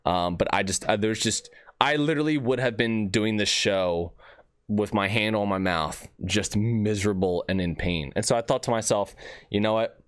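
Low-voiced man hosting a rambling podcast. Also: moderate pace, clean tone, no echo, clean studio sound. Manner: rambling, animated and self-joking. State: aching tooth. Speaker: podcast host. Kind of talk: casual podcast chat.

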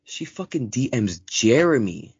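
A man's voice: mid-range voice, a little slow, slightly rough, no room sound. A young man co-hosting a podcast, telling a story in casual chat, swearing often and acting out other people's lines in a raised voice. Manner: profane, animated, acts out quotes in raised voice. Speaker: podcast co-host. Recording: dull lo-fi dry recording.

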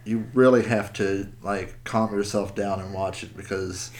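A man talks casually on a podcast, his voice sitting fairly low. He swears freely and slips into quoted voices as he tells a story. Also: steady tone, unhurried, darkish tone, a little hiss or hum. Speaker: podcast co-host. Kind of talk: casual chat.

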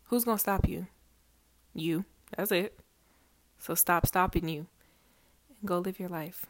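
A young woman talks straight to her followers in a slightly low voice, rambling, swearing freely and laughing between thoughts. She sounds emotional and close to tears. The recording is dry and close, with no room sound. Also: steady tone, a little slow, long pauses, dry recording. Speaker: vlogger. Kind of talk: casual chat to followers.

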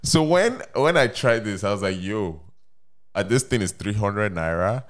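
Young male co-host, lowish voice, lively slangy storytelling. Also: moderate pace. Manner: animated, laughing anecdotes with slang. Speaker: podcast co-host. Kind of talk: casual chat.

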